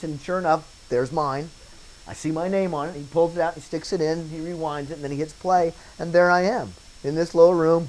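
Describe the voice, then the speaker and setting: A man's voice: on the high side, a little fast, low-quality recording. Storytelling man acting out quoted voices. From Wilmington, North Carolina area. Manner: lively anecdote-telling, acting out quoted voices. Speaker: interviewee, former set painter turned bit actor. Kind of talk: casual storytelling interview.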